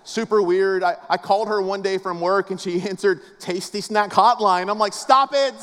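Brief: male pastor, high voice, chatty jokey delivery, long hall reverb. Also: level tone, normal speed, a bit bright, slight background noise. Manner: casual, joking storyteller with a preaching cadence. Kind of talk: humorous conversational sermon.

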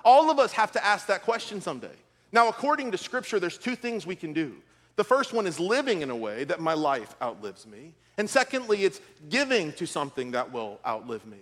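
A man's voice: sits high, sing-song, a little fast, a bit bright, big-room sound. A middle-aged man preaching a sermon as a pastor, telling stories with comic asides.

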